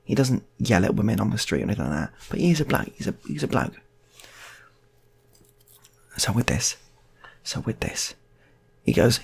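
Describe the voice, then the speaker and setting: A man's voice: on the low side, big pitch swings, normal speed, gravelly, pauses often, slightly rough. A man improvising comic stories in a rambling, laid-back way, repeating himself. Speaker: storyteller.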